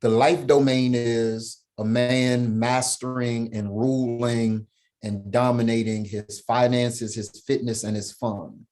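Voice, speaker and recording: Male podcast guest, mid-pitch, energetic storyteller, slangy and emphatic. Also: takes it slowly. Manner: slangy, emphatic, laughs while telling stories; punctuates points with "right?". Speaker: podcast guest, founder of a men's program. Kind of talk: animated storytelling, casual talk.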